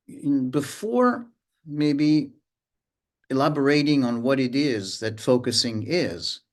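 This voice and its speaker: A man teaching a mindfulness lesson, speaking slowly with frequent pauses and sometimes humming or sounding out rhythms. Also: medium pitch. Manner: unhurried, pauses often, hums and vocalizes rhythms to illustrate. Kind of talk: slow, reflective lesson.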